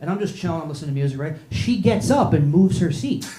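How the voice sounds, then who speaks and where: Brash profane New comedian. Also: male voice, fairly high pitch, animated, quick pace, dark tone. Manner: brash, profane, riffs with the crowd. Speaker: stand-up comedian. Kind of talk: stand-up comedy set. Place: small comedy club with audience. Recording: echoey club, noisy live room.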